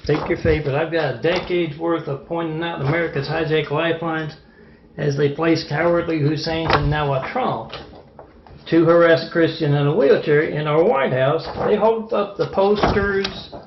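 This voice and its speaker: In a home video, a man delivers a rambling, repetitive rant, often pausing to hesitate. His voice is slightly high with a gravelly edge. The lo-fi recording sounds dull and roomy, with faint noise in the background.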